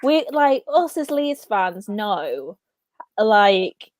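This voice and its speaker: A woman's voice: medium pitch, sing-song, drawn-out words, dry recording. A woman co-hosting a casual football chat show, talking in an enthusiastic, rambling way. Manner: enthusiastic, rambling, says "do you know what I mean". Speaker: podcast co-host.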